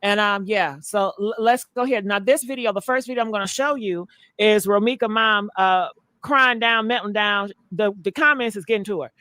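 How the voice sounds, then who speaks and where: A woman's voice: medium pitch, normal speed, sharp tone, no room sound, clean studio sound. Chatty slangy woman vlog host. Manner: chatty, slangy, talks to viewers. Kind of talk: casual commentary.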